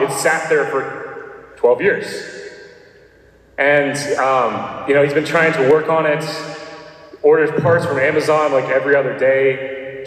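A priest from Nashville giving a sermon, casual and joking, with many fillers. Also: male voice, mid-range voice, fairly bright tone. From Nashville, Tennessee. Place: church. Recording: echoey church hall.

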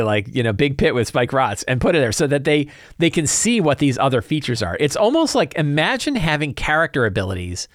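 A man hosting a casual solo talk show, speaking in an animated, conversational way and often checking in with "right?". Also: fairly high pitch, no echo, studio quality. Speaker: host.

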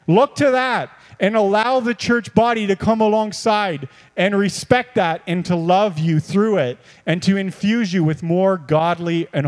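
A man preaching a sermon as a pastor, animated and repetitive, moving between quiet reflection and bursts of excitement. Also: high voice. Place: church hall. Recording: long reverb of a church hall.

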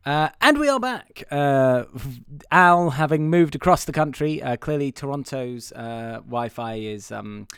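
A young man co-hosting a casual comedic chat over a remote call, rambling with restarts and quick impressions. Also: mid-range voice, lively intonation, fairly bright tone, clean tone, no room sound, clean studio sound. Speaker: podcast co-host.

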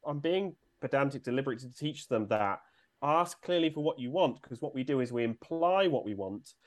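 A man's voice: medium pitch, animated, fairly quick. Man explaining like a business coach. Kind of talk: casual interview chat.

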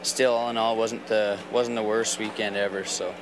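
A man's voice: fairly low pitch, level tone, moderate pace, poor audio. A man from Canada interviewed as a bull rider, modest and rambling with fillers. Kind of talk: post-ride interview.

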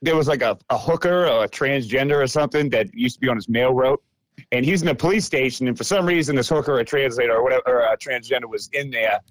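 A man's voice: mid-range voice, fast, no room sound. A man in his thirties hosting a podcast, telling a profane story and acting out the people in it. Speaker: podcast host. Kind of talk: casual storytelling chat.

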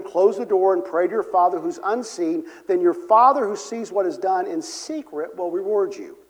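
A man preaching a sermon as pastor, earnest, moving between emphatic and soft delivery. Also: high-pitched. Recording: long reverb of a large hall.

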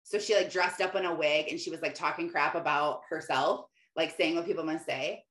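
A middle-aged woman talking casually about faith, rambling and chatty with lots of "like" and quick laughs. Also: deep voice, a bit bright. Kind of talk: casual faith-based monologue. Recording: roomy echoey room.

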